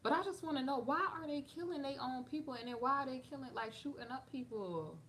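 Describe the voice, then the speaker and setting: A woman from the United States, reading news aloud and commenting on it in a sassy, animated way. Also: sits high, brisk, a little hiss or hum. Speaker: vlogger reacting to news.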